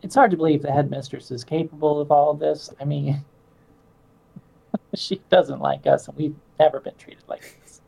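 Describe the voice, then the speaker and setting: A woman's voice: sits low, moderate pace, gravelly, warm tone, husky. A woman playing in a tabletop game, chatting playfully and laughing often. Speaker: player. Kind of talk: casual tabletop chat.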